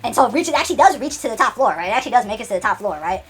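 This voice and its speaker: A woman's voice: fairly high pitch, very animated, very fast, soft background music. A woman telling an unscripted comedic story, rambling with many restarts and laughs.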